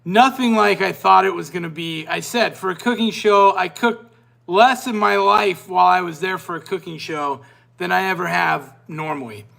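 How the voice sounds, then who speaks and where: A man's voice: high-pitched, normal speed, creaky. A man hosting a podcast, telling a long personal story in a casual, rambling way and often breaking off mid-sentence. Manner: animated, rambling, self-interrupting. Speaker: podcast host.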